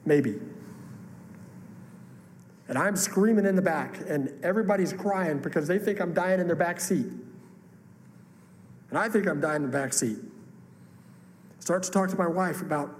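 A preacher with a slightly high voice speaks at normal speed, leaving long pauses as he recounts a personal story in earnest, emotional testimony punctuated by rising outbursts. The sound has long hall reverb, faint ambience, and a bit of hiss or hum.

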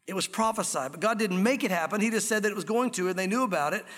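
A man's voice: high voice, quick pace, fairly bright tone, in a large hall. A man preaching a sermon as pastor, earnest and direct, driving points home with repetition.

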